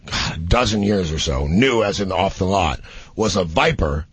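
A man chatting casually, telling a quick, dry story and putting in short agreeing remarks. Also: low voice, lively intonation, breathy edge, no echo. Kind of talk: casual chat.

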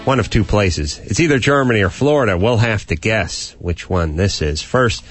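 A man's voice: fairly low pitch, expressive, faint music behind. A man hosting a talk show, bantering in a wry, sarcastic way. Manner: wry, sarcastic, quick quips. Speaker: radio show host.

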